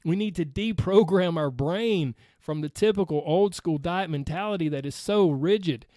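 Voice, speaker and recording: A man with a Southern accent talks through a solo podcast episode as a weight loss coach. His voice sits high for a man, and the sound is dry with no room around it. He is earnest and motivational, and he keeps checking in with a quick "right?". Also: mellow, dry recording.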